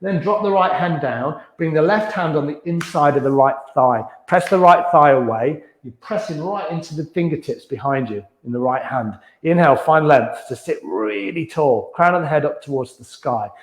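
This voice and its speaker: A man teaching a gentle beginners yoga class, calmly cueing breaths and movements and chuckling now and then. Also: on the high side, moderate pace, hardly any pauses. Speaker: yoga instructor. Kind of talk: guided yoga class instruction. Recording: echoey room.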